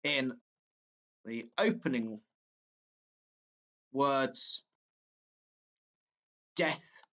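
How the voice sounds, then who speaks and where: A male teacher walks students through exam technique at an unhurried, drawn-out pace. He speaks haltingly, pausing on fillers and correcting himself as he goes. His pitch sits in an ordinary middle range for a man. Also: expressive, bright, forceful tone. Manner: slow, halting, with frequent fillers and self-corrections. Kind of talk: exam walkthrough lesson.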